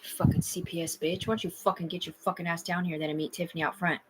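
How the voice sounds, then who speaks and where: A woman's voice: on the low side, flat delivery, quick pace, very noisy. A woman talking to her livestream in a rambling, agitated, heavily profane rant.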